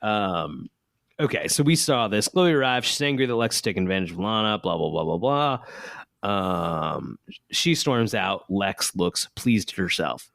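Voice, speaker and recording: A man's voice: on the low side, measured pace, creaky, no room sound, studio quality. A man co-hosting a podcast, recapping a TV episode in casual chat with a joking manner. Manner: lively, jokey, laughs often. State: hiccuping.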